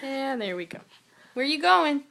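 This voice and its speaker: A woman's voice: high-pitched, big pitch swings, measured pace, vocal fry, pushed and bright. A woman filming a baby at home, cooing and teasing in playful baby talk. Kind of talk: playful home-video chatter. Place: at home, indoors.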